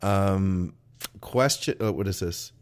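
Man, low voice, podcast host, easygoing, jokey, reads questions aloud. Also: takes it slowly. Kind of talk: casual podcast chat.

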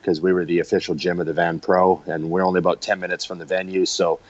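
A man speaking as a podcast guest, relaxed and easygoing, with plenty of fillers. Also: low voice, fast, dull audio. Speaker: podcast guest, gym owner. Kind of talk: casual interview talk.

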